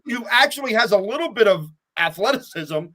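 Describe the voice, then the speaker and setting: A man's voice: high-pitched, animated, fairly quick, sharp tone, slight background noise. A man co-hosting a casual sports podcast, reflective and questioning as he talks through the game. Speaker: podcast co-host.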